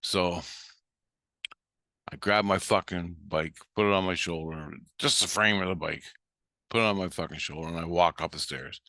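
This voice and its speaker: A man's voice: sits low, moderate pace, pushed and bright, no echo, clean studio sound. A man telling a story in a blunt, heated way, swearing constantly. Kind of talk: casual storytelling.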